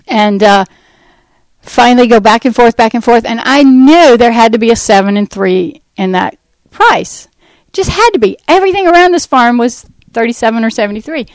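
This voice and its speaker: A woman from the United States telling her life testimony, acting out the dialogue in lively fashion. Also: on the high side, clear, resonant tone, no echo, low-quality recording. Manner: animated storyteller acting out dialogue. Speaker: ministry founder giving testimony. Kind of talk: personal testimony talk.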